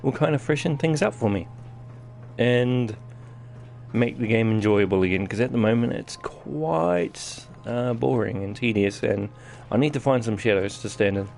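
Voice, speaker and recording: A man's voice: mid-range voice, normal speed, vocal fry, a little mellow. A man with a New Zealand accent giving casual live-stream commentary while playing a game, chatting to his viewers as he goes. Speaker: gaming streamer.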